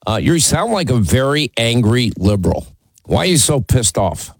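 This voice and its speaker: A man's voice: medium pitch, very animated, normal speed, gravelly, no echo, rough recording. A middle-aged man hosting a call-in talk show, blunt, mocking and argumentative. His voice sits in a middle range. It is recorded close and dry. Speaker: radio talk show host. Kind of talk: combative call-in radio talk.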